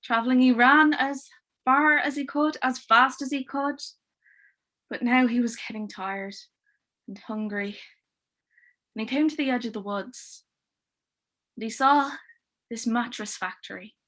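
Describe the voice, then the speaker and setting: A woman telling a twisted fairy tale aloud in a playful, expressive way with dry wit. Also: on the high side, a little slow, long pauses. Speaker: storyteller. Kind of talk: oral storytelling.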